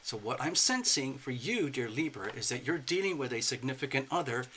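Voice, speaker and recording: Bright-voiced expressive man reading tarot. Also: medium pitch, brisk, slight background noise. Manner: expressive, playful, slips into acted asides. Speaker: tarot reader. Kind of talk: casual spoken tarot reading.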